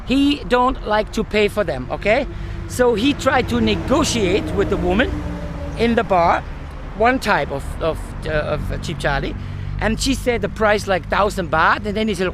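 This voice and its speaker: A man with a notably high-pitched voice rants to camera outdoors in the heat, sweating as he talks. He swears freely and often stalls to search for the right word. Faint traffic hums in the background. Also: lively intonation, moderate pace, a bit bright. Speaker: vlogger. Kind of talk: casual ranting monologue.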